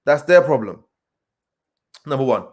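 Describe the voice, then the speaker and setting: A man from England giving an earnest motivational talk, stressing points through repetition, with pauses and filler sounds. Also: medium pitch, expressive, a little mellow. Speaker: speaker addressing young people.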